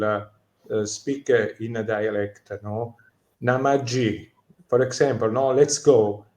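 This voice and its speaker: A man from Bari speaking English with an Italian accent, halting and full of fillers, often ending phrases with "no?". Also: medium pitch, gravelly, darkish tone. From Bari, Italy. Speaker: guest. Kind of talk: casual chat. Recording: roomy echo.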